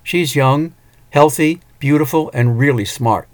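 A man's voice: fairly high pitch, a little slow, dry recording, lightly acted. A man voicing a lonely, wistful older farmer who talks plainly with a rural turn of phrase.

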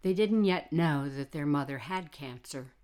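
Woman reading a novel aloud, deep for a woman, calm and measured. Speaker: audiobook narrator. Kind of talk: scripted narration.

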